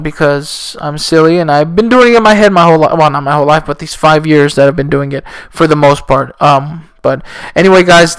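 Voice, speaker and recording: Male teacher and podcast host; smooth, slightly high voice, sarcastic and rambling. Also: fairly bright tone. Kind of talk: casual solo podcast talk.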